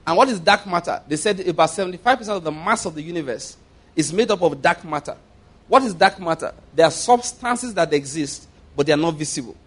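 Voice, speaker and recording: A man preaching a sermon, reading scripture slowly and stressing key words, often checking that his listeners follow. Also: a little high, animated, fairly bright tone, husky. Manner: asks listeners to follow along.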